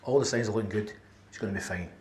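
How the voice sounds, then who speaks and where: A Scottish man putting on a low, flat voice as a calm, tactless male surgeon during a live stand-up set. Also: very fast, close to an everyday voice. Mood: reassuring. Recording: roomy live club with faint noise.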